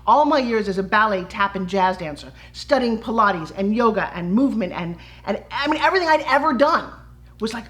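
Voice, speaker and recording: A middle-aged woman, a fitness entrepreneur, telling her personal story to camera in a lively way and acting out the quoted voices. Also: mid-range voice, brisk. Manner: animated, acts out quoted voices.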